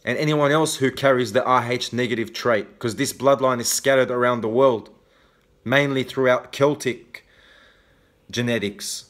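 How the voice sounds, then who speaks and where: A man's voice: mid-range voice, normal speed, fairly bright tone. Angry swearing Australian man ranting. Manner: heavy swearing, repeated "okay?" tags. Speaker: vlogger. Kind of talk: angry confrontational rant to camera.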